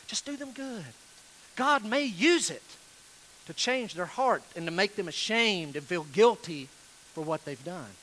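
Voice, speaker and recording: In his earnest sermon, the man pleads with listeners and dwells on slow, emphatic phrases, his bright, forceful voice pitched high for a male speaker. Audio quality is poor.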